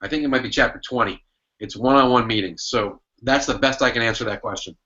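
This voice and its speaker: A man's voice: medium pitch, quick pace, bright, forceful tone, dull audio. A man, a sales consultant and author, answering podcast interview questions with emphatic storytelling. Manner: emphatic storytelling, acts out his old manager's lines.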